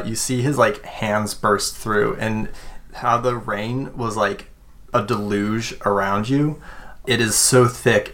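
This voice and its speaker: A man running a tabletop game, narrating a horror scene slowly and deliberately, with many fillers. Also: on the low side, creaky, fairly bright tone. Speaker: game master.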